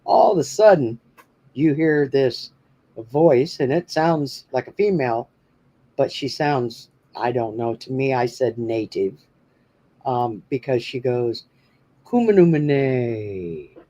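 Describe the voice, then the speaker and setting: A man's voice: mid-range voice, unhurried, warm tone. A man hosting a paranormal podcast, telling a story in a rambling, casual way with many fillers. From New Hampshire. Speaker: podcast host.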